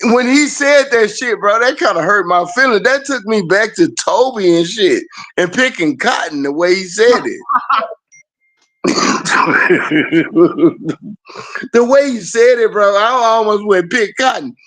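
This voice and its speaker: High-voiced man telling stories animatedly. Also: slow. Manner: animated storytelling, laughs often. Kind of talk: casual chat.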